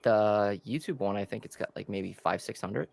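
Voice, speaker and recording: A man's voice: fairly low pitch, normal speed, vocal fry, a little mellow. A man hosting a casual book club chat online, loose and joking, with lots of filler words. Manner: loose, joking, says "like" a lot. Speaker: podcast host.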